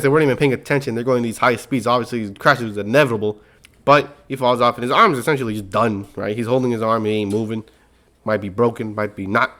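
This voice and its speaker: A young man casually recapping a movie in slangy, animated storytelling, acting out characters' lines as he goes. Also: medium pitch.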